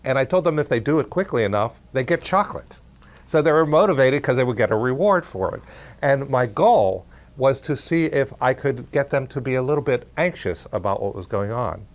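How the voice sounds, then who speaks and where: A man at a middle pitch tells of his research to an audience. His talk is easygoing and conversational, with the odd restart, and he plays out the lines of the people in his story. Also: animated, fairly quick. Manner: conversational, acts out quoted dialogue. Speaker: parapsychology researcher.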